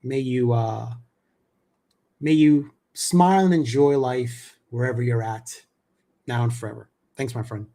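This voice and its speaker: A man's voice: mid-range voice, measured pace, dark tone. Casual middle-aged sports talk man. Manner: conversational, repeats words, frequent fillers. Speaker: sports show host.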